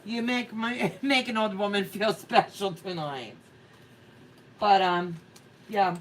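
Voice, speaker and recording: A woman's voice: mid-range voice, takes it slowly, recorded from a distance, slight background noise. A middle-aged woman chatting casually on a livestream, telling a funny story with frequent laughs and reading viewer comments aloud. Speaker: co-host of a quilting livestream.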